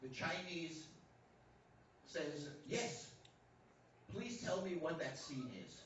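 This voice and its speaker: A man's voice: fairly high pitch, slow pace. Man telling a story from a church pulpit. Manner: animated storyteller, acting out dialogue. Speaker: guest speaker. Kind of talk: sermon storytelling with translation. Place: church sanctuary. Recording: echoey church hall, distant mic, dull lo-fi, faint hum.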